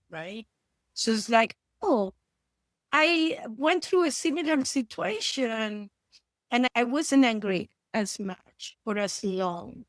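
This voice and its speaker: A woman's voice: mid-range voice, a bit bright, no echo. A woman from Argentina speaks as a therapist guest in an interview. She is blunt and profane, and she often acts out what her clients say. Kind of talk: candid interview talk.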